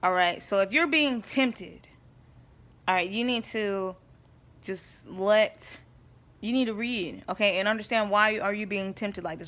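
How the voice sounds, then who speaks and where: A woman's voice: mid-range voice, unhurried, fairly bright tone. A woman giving a casual faith talk to camera, chatty and emphatic, often checking in with her listeners. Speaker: vlogger.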